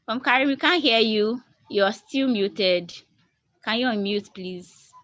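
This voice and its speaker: A woman's voice: fairly high pitch, slow, fairly bright tone, no echo. A woman moderating a video call Q&A, reading questions aloud with hesitant restarts. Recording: dull lo-fi video call audio.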